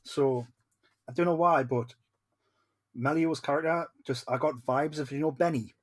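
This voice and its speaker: A man hosting a podcast, talking in a hesitant way with many pauses and fillers. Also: fairly high pitch, dry recording. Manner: hesitant, searching for words. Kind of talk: casual podcast chat.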